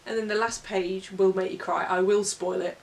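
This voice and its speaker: A woman co-hosts a relaxed book review. She talks expressively and reads passages with drama. Her voice sounds slightly far from the microphone, at a middle pitch. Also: normal speed, vocal fry. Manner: expressive storyteller, dramatic when reading aloud. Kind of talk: casual book review chat. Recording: voice a little far from the mic.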